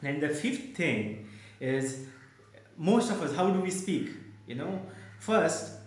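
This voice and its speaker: A man's voice: on the high side, lively intonation, slow pace. Indian man coaching in an echoey room. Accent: Indian English. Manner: earnest, stepwise advice with rhetorical questions. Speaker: English-speaking coach. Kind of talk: motivational speaking lesson.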